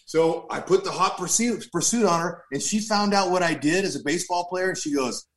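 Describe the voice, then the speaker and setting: A man giving a personal testimony, telling his story in an animated way with frequent repeats and restarts. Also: high voice, fairly quick. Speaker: speaker giving a faith testimony.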